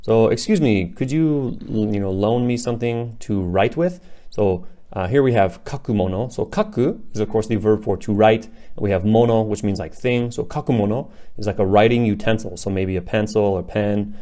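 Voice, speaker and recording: Relaxed low-voiced man teaching a lesson. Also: normal speed. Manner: relaxed, many fillers like "you know" and "like". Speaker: Japanese teacher. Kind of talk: casual language lesson.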